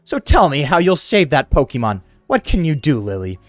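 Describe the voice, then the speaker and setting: A man reading the lines of a cold, haughty villain mother from a game in his own voice, scornful and slow. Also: a little high, wildly swooping pitch, dry recording, faint music behind. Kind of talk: reading game dialogue aloud.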